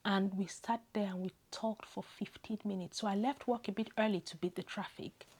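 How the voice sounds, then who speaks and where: A woman's voice: medium pitch, fairly even intonation, normal speed, darkish tone, slightly rough. A woman from Zimbabwe telling a heartfelt personal story to camera, tearful and often dropping to a whisper. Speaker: vlogger.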